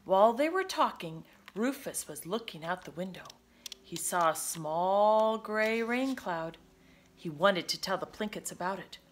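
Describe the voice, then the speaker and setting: A woman reading a children's picture book aloud in an expressive, sing-song manner. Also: medium pitch, unhurried. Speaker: storybook reader. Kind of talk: children's read-aloud narration.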